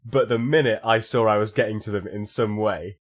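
Deadpan Welsh man hosting a quiz. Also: fairly low pitch, fairly quick. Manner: deadpan, sarcastic. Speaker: podcast host running a quiz. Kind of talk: casual comedic chat.

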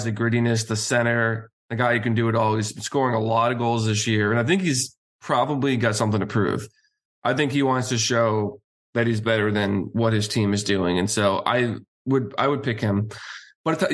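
A man co-hosting a casual hockey talk show, giving firm, relaxed opinions. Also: on the low side. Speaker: sports talk co-host.

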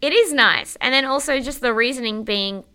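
A woman's voice: high-pitched, moderate pace, heavy background noise. A woman co-hosting a podcast, chatting casually about a TV show, laughing often and swearing freely. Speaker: podcast co-host. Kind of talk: casual chat recapping a TV show.

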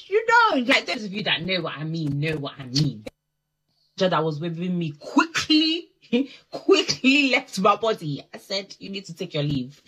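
A woman's voice: on the low side, slight background noise, low-quality recording. A woman telling a casual storytime monologue to camera and acting out each quoted line. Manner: animated, acts out the quotes. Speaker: storyteller in a clip.

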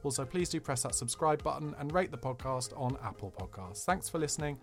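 A man's voice: medium pitch, expressive, a little fast, soft background music. Cheeky man reading a memoir. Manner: dry, cheeky storytelling. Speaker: podcast narrator.

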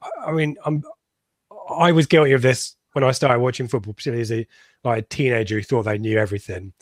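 A man's voice: medium pitch, fairly even intonation, quick pace, dry recording. A man hosting a casual football podcast, talking in a rambling, chatty way with frequent ums and laughs. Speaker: podcast host.

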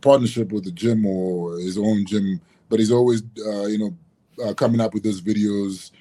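Laid-back deep-voiced man, lots of fillers. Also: moderate pace. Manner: relaxed, laughs often, many "you know" fillers. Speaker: guest, former rugby prop. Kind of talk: casual podcast chat.

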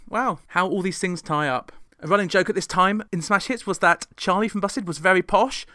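A man's voice: a little high, pushed and bright, no echo. A man hosting a chart retrospective, reading from a script with dry, sarcastic asides. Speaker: podcast host reviewing old pop charts.

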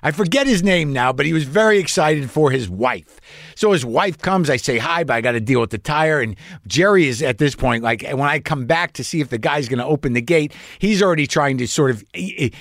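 A man's voice: medium pitch, brisk, dry recording, clean studio sound. A man hosting a podcast, telling a long story in a profane, rambling, self-questioning way. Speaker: podcast host. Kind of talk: storytelling monologue.

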